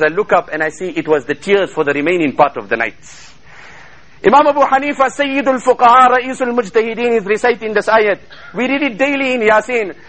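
Man, preacher, fervent sermon, high voice, rapid delivery, radio broadcast sound. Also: fairly bright tone, poor audio. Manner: fervent, chants Arabic verses between English. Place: mosque.

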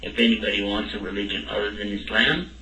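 A man's voice: on the low side, steady tone, quick pace, pushed and bright. A man giving a religious lesson to a class, quizzing his listeners with questions along the way. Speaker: religious teacher. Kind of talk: lecture to a class. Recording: echoey room, mic at a distance.

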